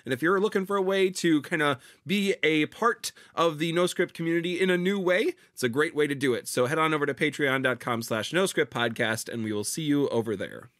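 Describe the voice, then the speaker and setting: Friendly, slightly high male co-host. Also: brisk, hardly any pauses, a bit bright, no room sound, studio quality. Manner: friendly, repeats words when starting. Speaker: podcast co-host. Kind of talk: casual chat and patron appeal.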